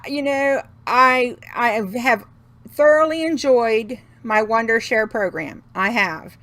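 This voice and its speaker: A middle-aged woman hosts a craft video and chats in a folksy, talkative way, often laughing as she vents. Her voice sits a little high and she takes her time. The sound is close and dry, with no room around it. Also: fairly bright tone, dry recording. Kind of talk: casual chatty vlog rant.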